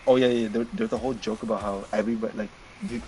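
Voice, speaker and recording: A young man chatting on a game stream, telling stories in an excitable, rambling way full of fillers. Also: fairly low pitch, very fast. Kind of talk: casual chat during a game stream. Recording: noisy home stream audio.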